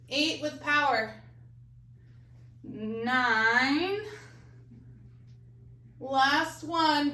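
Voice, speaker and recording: A woman's voice: fairly high pitch, extremely slow, pauses often, pushed and bright, far from the mic. A woman leading a balance exercise class, counting reps and giving coaching cues, a little out of breath. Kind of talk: live fitness class instruction. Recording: echoey room, voice off-mic.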